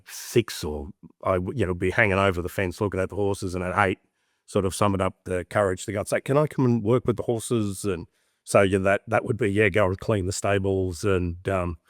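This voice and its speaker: Animated Australian man, low voice. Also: no room sound, studio quality. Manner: animated storyteller, acts out voices in anecdotes. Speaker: guest. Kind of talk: reflective interview talk.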